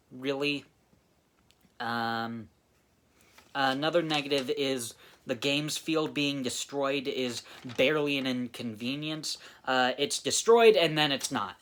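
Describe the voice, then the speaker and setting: A man giving a casual spoken film review, halting and often restarting his phrases. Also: medium pitch, fairly bright tone. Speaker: movie reviewer.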